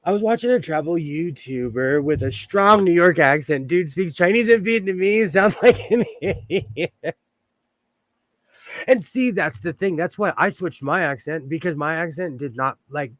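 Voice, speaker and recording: Chatty Southern Californian man, fairly high. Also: expressive, normal speed, fairly bright tone, dry recording. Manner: rambling, chatty, laughs often. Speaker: livestream host. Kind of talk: casual livestream chat.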